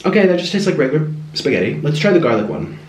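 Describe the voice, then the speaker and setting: A home cooking vlogger, a man with a slightly high voice who chats his way through a recipe. His pitch swings freely and he breaks into dramatic exclamations. The sound is roomy, with faint music behind him. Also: sing-song, fast talker, a little hiss or hum. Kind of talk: casual cooking vlog. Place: home kitchen.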